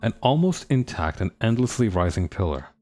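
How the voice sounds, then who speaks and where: A man's voice: fairly low pitch, very animated, fairly quick, darkish tone, soft background music. A man thinking aloud and reading game text during a let's play, musing with many restarts. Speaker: game streamer.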